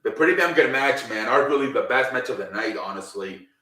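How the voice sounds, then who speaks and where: A man's voice: medium pitch, lively intonation, fairly quick, pushed and bright. A man casually recapping a wrestling show, rambling with lots of fillers and swearing freely. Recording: roomy, mic at a distance.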